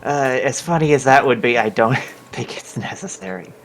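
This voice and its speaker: A man playing his character in a tabletop game, speaking hesitantly and softly. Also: mid-range voice, normal speed. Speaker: player voicing his character Farron. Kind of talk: in-character tabletop role-play.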